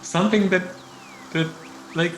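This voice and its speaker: Male player, slightly high, playful, echoey home room, faint hiss. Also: fairly even intonation. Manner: playful, quick suggestions with giggles. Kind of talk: casual tabletop play.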